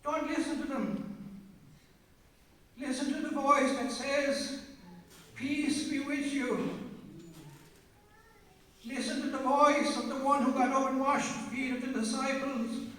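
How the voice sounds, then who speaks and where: A man, preaching a sermon as a priest, slow and emphatic, often repeating his phrases. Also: very high-pitched, steady tone, pushed and bright. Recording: echoey hall from far off.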